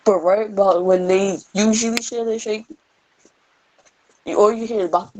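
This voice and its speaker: A woman's voice: medium pitch, steady tone, normal speed, dark tone, a little hiss or hum, poor audio. A young woman casually improvising a fan story, rambling with many fillers.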